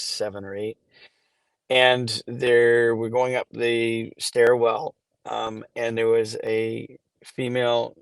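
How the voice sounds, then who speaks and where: A man in his forties, a charity founder being interviewed on a podcast, who tells stories haltingly and gets emotional, with many restarts. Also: mid-range voice, vocal fry, no room sound. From Canada. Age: 40s.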